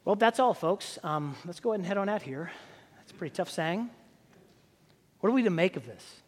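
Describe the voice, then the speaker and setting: High voiced guy preaching a sermon, chatty and rambling, lots of restarts, big echoey church reverb. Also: expressive, fairly quick. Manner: conversational storytelling with many fillers and restarts. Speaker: pastor.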